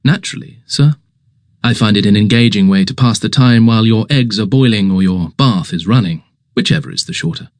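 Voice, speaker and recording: Man doing a deadpan polite valet, low-key and formal, dry close sound. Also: no room sound, natural voice. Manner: measured, deferential, deadpan.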